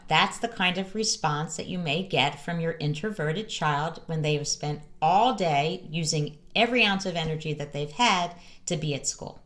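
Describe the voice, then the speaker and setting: A woman's voice: on the low side, measured pace. A middle-aged woman hosting a parenting advice vlog in a casual, storytelling way. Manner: lively, animated storytelling with acted-out quotes.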